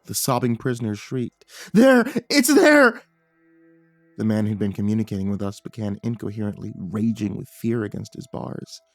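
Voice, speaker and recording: A man narrating a horror story in a hushed, grave manner. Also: lowish voice, little pitch movement, a little fast, few pauses, no room sound.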